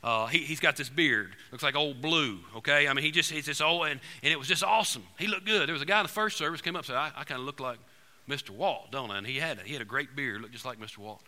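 A man preaching to a congregation, telling an animated, joking hunting story to the room. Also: medium pitch, quick pace. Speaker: pastor. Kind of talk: storytelling sermon. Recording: long reverb in a large hall.

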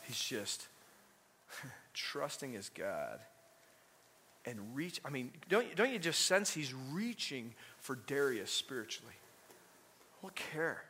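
A man preaching a sermon in an animated, conversational way, full of rhetorical questions to the congregation. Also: medium pitch, slow pace, pauses often, a little hiss or hum.

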